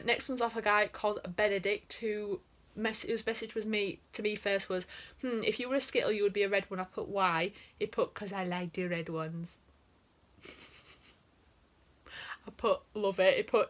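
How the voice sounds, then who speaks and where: A young woman vlogs in a casual, chatty way, reading out messages one after another. She giggles often, and her voice sits at an ordinary middle pitch. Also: steady tone, moderate pace, fairly bright tone. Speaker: vlogger.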